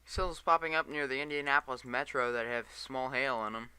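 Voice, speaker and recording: A man's voice: mid-range voice, brisk, bright, forceful tone, smooth, dry recording. A tired man giving live weather radar commentary, reading storm warnings aloud and stumbling over place names. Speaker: storm chaser livestreamer.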